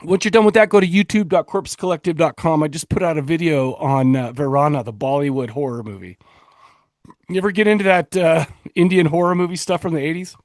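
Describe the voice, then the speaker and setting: A man's voice: fairly high pitch, a little fast, no room sound, clean studio sound. A man co-hosting a casual podcast, joking and rambling with frequent restarts. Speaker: podcast co-host. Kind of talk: casual chat.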